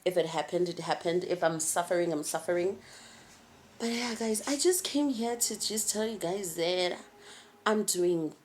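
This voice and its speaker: A woman's voice: moderate pace, darkish tone, slight background noise. Candid woman vlogger. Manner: candid, emotional, swings between laughing and low tones. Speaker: YouTube vlogger. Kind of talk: casual chat to camera.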